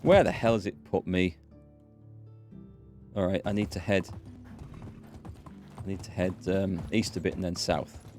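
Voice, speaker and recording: A man's voice: sits low, fairly even intonation, unhurried, pauses often, darkish tone, soft background music. A British man streaming a game, chatting casually, answering his chat and laughing easily. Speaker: let's play gamer and streamer. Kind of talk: casual live-stream commentary.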